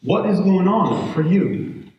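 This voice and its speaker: A man's voice: high voice, slow pace, muffled recording. Man lecturing in an echoey room. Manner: conversational, animated storytelling with audience check-ins. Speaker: educator giving a parenting talk. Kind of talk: live workshop talk to parents. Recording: echoey room, distant mic, faint noise.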